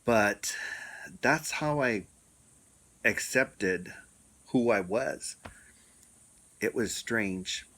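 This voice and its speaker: A middle-aged man with a fairly low voice recounts a personal story at a slow, deliberate pace. His telling is reflective, with many pauses and fillers. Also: animated, fairly bright tone. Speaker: storyteller sharing a personal experience.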